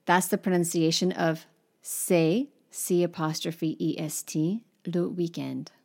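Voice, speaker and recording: A woman's voice: on the low side, steady tone, slow pace, creaky, a little mellow. A woman teaching French, enthusiastic and encouraging, spelling out words letter by letter as she explains. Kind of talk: language lesson.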